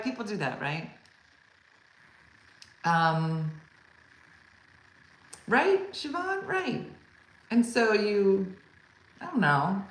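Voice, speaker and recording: A middle-aged woman comedian hosting online and telling a story in a rambling, animated way, with constant asides to her audience. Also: on the low side, echoey room, rough recording. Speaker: comedian and host. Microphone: video call.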